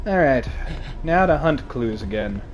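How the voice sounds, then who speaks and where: A man giving live gameplay commentary as a streamer, excitable and prone to panic, swearing and talking to his chat and to game characters. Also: mid-range voice, a little slow, slight background noise.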